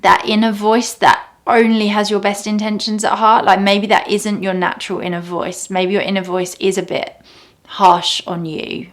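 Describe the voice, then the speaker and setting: A young woman talking casually and reflectively about meditation, often dropping to soft near-whispers. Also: mid-range voice, level tone, moderate pace. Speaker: meditation teacher.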